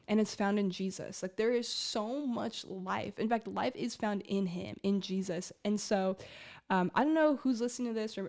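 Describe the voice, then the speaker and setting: Twenties woman rambling thru her faith story, earnest, lots of "like", mid-pitched voice. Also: a little mellow. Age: 20s. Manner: earnest, rambling, heavy use of "like". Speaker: faith podcast host. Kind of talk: casual personal testimony.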